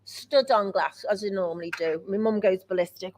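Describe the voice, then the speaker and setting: A woman's voice: mid-range voice, fairly even intonation, moderate pace, a little mellow, slight background noise. A woman co-hosting a podcast, telling stories about herself with plenty of laughter. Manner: laughing, self-mocking storyteller. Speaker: podcast co-host. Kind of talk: casual chat, storytelling.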